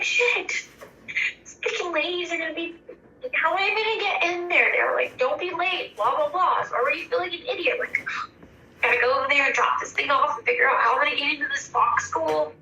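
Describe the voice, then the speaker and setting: A woman's voice: fairly high pitch, sharp tone. A woman in her thirties giving a rambling, frank account in a counseling session, swearing freely. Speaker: counseling client. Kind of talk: casual personal account. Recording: echoey room from far off, faint noise.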